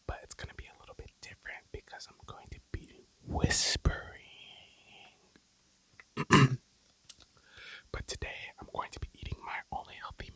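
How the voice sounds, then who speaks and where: A young adult of about twenty talking in a breathy whisper through a mukbang ASMR video, casual and blunt, swearing and rambling between bites. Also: fairly bright tone, low-quality recording. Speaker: mukbang vlogger.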